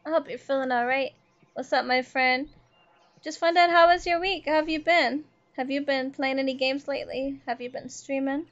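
A woman's voice: high-pitched, steady tone, normal speed, highs cut off. A woman livestreamer chatting casually and profanely with her chat while she plays a game. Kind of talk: casual live-stream chat while gaming.

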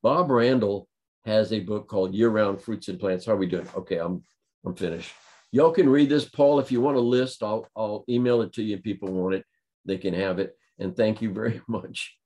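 A deep-voiced man speaks to a gathering as a guest speaker. He tells a funny story in a dry, deadpan way, letting the jokes land on their own. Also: moderate pace. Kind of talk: humorous anecdote at a talk.

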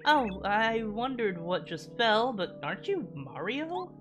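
A woman's voice: fairly high pitch, slow, pitched above the performer's own voice. A woman reading as a feisty bomb girl. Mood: friendly. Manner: lively, sometimes shouting in outrage. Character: spunky young female bomb creature, defiant. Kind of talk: reading game dialogue aloud. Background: game music.

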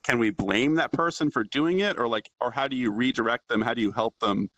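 Bright man asking probing questions. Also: medium pitch, a little fast, no room sound, lo-fi sound. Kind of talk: casual panel discussion.

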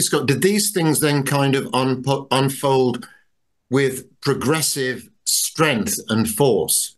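Male interviewer, mid pitch, measured, gropes for words while framing questions. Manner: thoughtful, searching for words.

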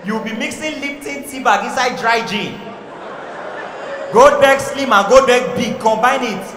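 Nigerian male stand-up, high bright voice, punchy and animated, in a reverberant hall. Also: a little slow, recorded from a distance, crowd noise, background noise. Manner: animated, shouting punchlines, mixing in pidgin. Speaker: stand-up comedian. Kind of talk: stand-up comedy routine. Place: live comedy stage in a large hall. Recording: echoey hall from a live show.

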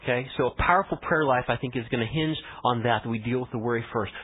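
A man preaching a sermon as pastor, conversational, swinging between emphatic lines and hushed asides. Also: medium pitch, fast talker, few pauses, breathy edge. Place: church sanctuary. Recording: tinny phone-like church audio.

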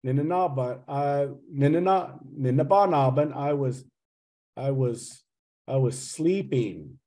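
A man's voice: a little high, a little slow, mellow. A man teaching a language class over a video call, teasing his students and explaining grammar with jokes. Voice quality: teasing, joking, addresses the class as "guys".

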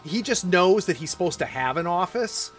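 A man's voice: sits high, animated, moderate pace, faint music behind. A man narrating a tabletop game as game master, in a chatty, loose way.

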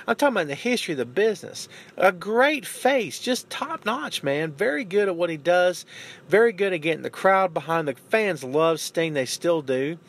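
A man hosting a podcast, giving casual, opinionated wrestling commentary in an animated way, often tagging sentences with "man" and "you know what I'm saying.". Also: fairly high pitch. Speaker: podcast host.

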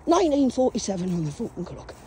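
A woman ranting profanely outdoors in a graveyard, shouting at unseen enemies on a phone camera. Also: fairly high pitch, very animated, quick pace, slight background noise. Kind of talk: ranting spiritual vlog.

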